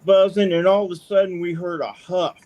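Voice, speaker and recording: A man's voice: sits high, flat delivery, brisk, a little mellow, dull audio. A middle-aged man calling in to a podcast, telling stories in a chatty, folksy way and often tagging on "man.". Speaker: caller. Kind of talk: casual storytelling.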